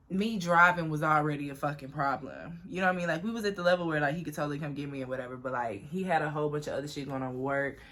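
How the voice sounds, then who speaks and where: Young woman, low voice, casual vlog storytelling, animated, swears a lot, talks to viewers. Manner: profane, animated, chatty, addresses viewers as y'all. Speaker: vlogger.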